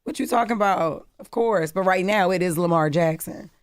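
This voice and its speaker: A woman from Maryland with a deep, raspy voice, co-hosting casual morning radio banter in a studio, animated and quick to laugh. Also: dry recording. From Maryland, USA. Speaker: radio co-host. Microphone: studio microphone.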